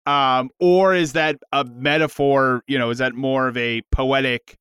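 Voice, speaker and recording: Casual male podcast co-host, clear resonant voice, dry close mic, thinks aloud. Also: medium pitch, steady tone, measured pace, a bit bright, no echo. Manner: musing, thinks aloud with many restarts. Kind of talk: casual chat.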